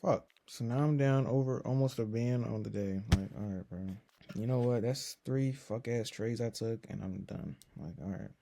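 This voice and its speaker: A young man, tired from too little sleep, streams his day-trading session with casual commentary on his own trades. His creaky voice moves at normal speed through slangy, filler-heavy talk, sinking to low mutters before bursting into loud swearing.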